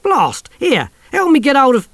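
A man's voice: high voice, level tone, normal speed, smooth, no room sound, voice pushed up. A man voicing a cheerful, blunt wartime soldier in an audiobook. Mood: alarmed. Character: brash young cockney army soldier.

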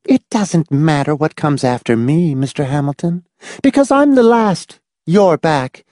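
A cool, controlling schoolteacher type, as a woman reads her, speaking with dry, dispassionate calm. The voice is mellow and dark, yet the pitch moves in lively curves. The recording is close and dry. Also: measured pace, no echo. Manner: dry, dispassionate, calmly insistent. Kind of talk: audiobook dialogue reading.

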